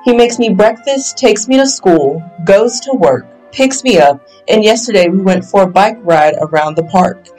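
A storybook reader taking on a child's first-person narration in a plain, mid-pitched voice. Faint music plays softly behind the reading. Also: lively intonation, moderate pace, hardly any pauses, low-quality recording. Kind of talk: reading a picture book aloud.

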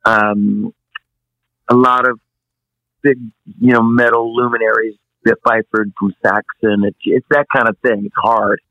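A man's voice: on the low side, little pitch movement, a little slow, bright, forceful tone, dry recording, poor audio. A man who is a guest singer, rambling and joking as he tells stories in a casual radio interview. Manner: rambling, jokey storyteller.

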